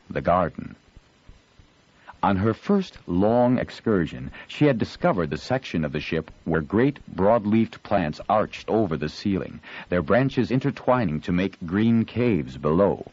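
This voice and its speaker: A man reading an audiobook in an expressive storytelling manner, shifting his voice for the characters. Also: sits low, breathy edge, muffled recording. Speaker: audiobook narrator. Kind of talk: scripted audiobook narration.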